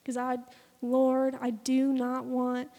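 A young woman preaching with fervent, chatty conviction, her high voice edged with a gravelly fry. Her tone is dark and mellow rather than bright. A long reverb trails behind her, as if she is in a large hall. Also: completely flat delivery, slow pace. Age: 20s. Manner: fervent, conversational preaching with acted-out dialogue. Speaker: speaker giving a testimony sermon. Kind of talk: sermon.

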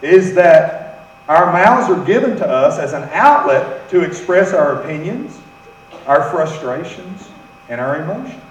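Preaching as pastor, this American man has the congregation echo his phrases after him. He's from the United States, and his fairly high voice is animated though a little slow. It sounds like a distant mic in a reverberant room.

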